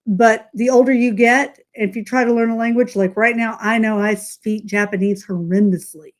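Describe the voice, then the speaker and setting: A talkative woman with a light Southern drawl, speaking in a slightly high voice. She hosts a casual live chat over a video call, laughing often and poking fun at herself. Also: steady tone, normal speed. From Southern United States. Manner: chatty, laughs often, self-mocking. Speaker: host.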